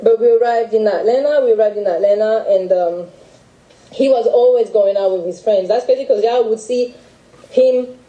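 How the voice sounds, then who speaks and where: Young woman, french accent, halting restarts, higher pitch, very dark tone, roomy echo. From France. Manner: halting, with many restarts and fillers. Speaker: guest telling her story. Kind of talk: emotional personal account.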